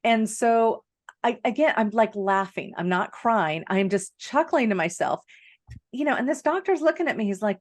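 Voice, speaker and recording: Lively storytelling woman, dry close sound. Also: a little high, normal speed, no echo. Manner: animated, laughs often while telling a story. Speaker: podcast co-host. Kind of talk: casual storytelling chat.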